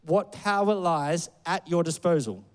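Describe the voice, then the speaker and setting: A man's voice: on the high side, unhurried, smooth, big-room sound. A man preaching a sermon in a loose, conversational way, full of fillers and playful asides. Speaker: pastor. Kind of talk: casual sermon.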